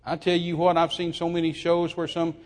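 A man's voice: a little high, completely flat delivery, brisk, a little mellow. A man preaching a sermon, stumbling through repeated restarts and then rising into emphatic quotation.

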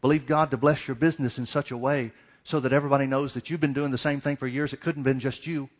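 A man's voice: mid-range voice, steady tone, quick pace. A middle-aged man preaching a sermon, asking repeated questions and acting out little dialogues. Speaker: pastor.

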